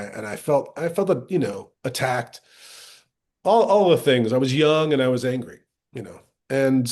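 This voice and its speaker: A middle-aged actor appears as a guest on a casual podcast interview, candidly recounting past experiences. Speaking at a medium pitch, he animatedly acts out other people's lines with lively shifts in tone.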